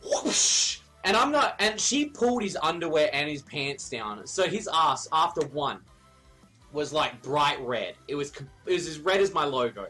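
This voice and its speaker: A man's voice: fairly high pitch, animated, moderate pace, bright, forceful tone, faint music behind. Rambling, foul-mouthed guy telling a story. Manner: rambling, profane, laughs at his own story. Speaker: streamer. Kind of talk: casual storytelling on a live stream.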